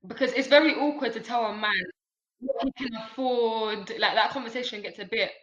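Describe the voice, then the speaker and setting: A woman's voice: fairly high pitch, brisk, a bit bright, reverberant, dull audio. A young woman as a podcast guest, speaking in a hesitant, thoughtful way. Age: young adult. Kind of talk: casual chat.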